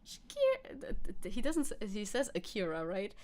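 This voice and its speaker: A woman's voice: medium pitch, expressive, a little fast, darkish tone. Giggly woman streamer chatting. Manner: chatty, giggly, reacts aloud to what she reads. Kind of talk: casual live-stream chat reading news aloud.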